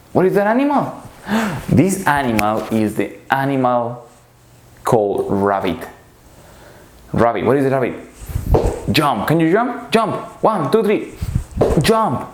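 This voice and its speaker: Slow, playful man teaching animal words. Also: medium pitch, roomy sound, noisy background. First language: Spanish. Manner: slow, repetitive, makes playful animal noises. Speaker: English teacher. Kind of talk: children's vocabulary lesson.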